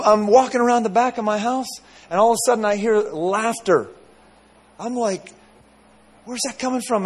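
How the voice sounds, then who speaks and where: Preaching with a notably high, slightly rough voice, a man tells his story in a loose way. He keeps circling back through repeated phrases and tosses asides to the congregation.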